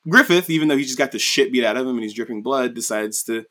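An anime recap host, a man with a medium-pitched, somewhat bright voice, casually runs through a story at a quick pace. He rambles, swears, and leans heavily on filler words.

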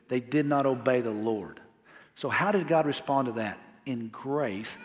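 A man pastor preaching a sermon in a casual, emphatic way with slangy asides. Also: fairly high pitch. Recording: long hall reverb.

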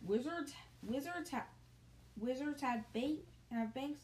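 A woman's voice: high voice, slow pace, darkish tone, a little hiss or hum, rough recording. A woman reading a children's novel aloud, stopping now and then to chat and answer questions. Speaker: reader.

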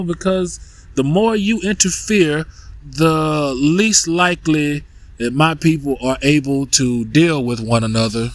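A man's voice: fairly high pitch, dry recording. A man hosting a podcast, talking bluntly in a casual monologue, swearing, restarting his sentences and filling gaps with "you know" and "right". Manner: blunt, profane, many restarts and fillers. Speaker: podcast host.

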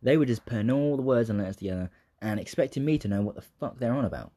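A man's voice: medium pitch, quick pace, dark tone. A young man with a southern English accent talking casually in a rambling monologue, swearing freely, laughing often and drifting into tangents. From southern England.

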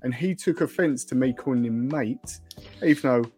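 Brief: Essex man, relaxed podcast co-host, jokey, mid-pitched voice, faint music underneath. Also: normal speed, husky. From Essex, England. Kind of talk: casual chat.

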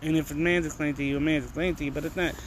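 A man ranting through a solo comedy podcast, profane and meandering and loaded with fillers. His voice sits somewhat high for a man, and there is a faint hiss of noise behind it. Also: steady tone, rapid-fire, poor audio. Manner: profane, rambling, frequent fillers. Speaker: podcast host. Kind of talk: casual comedic monologue.

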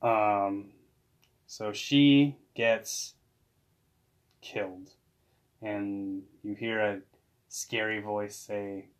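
A man with a fairly low voice co-hosts a laid-back chat about a TV episode. He is playful and jokey, and sometimes breaks into a squeaky mock voice to act out a scene. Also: fairly even intonation, extremely slow, long pauses. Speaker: podcast co-host. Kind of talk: casual chat recapping a TV episode.

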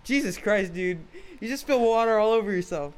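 A man's voice: high-pitched, animated, brisk, smooth. A young man co-hosting a podcast, chiming in with jokes and bits in a casual chat. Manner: joking, chimes in with bits and funny voices. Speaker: podcast co-host.

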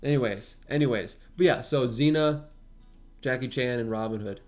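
Guy retelling a movie plot, acts out the lines, laughs a lot, mid pitch, faint music behind. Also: normal speed. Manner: animated retelling, laughs often, acts out quotes. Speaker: podcast co-host. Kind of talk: casual movie recap chat.

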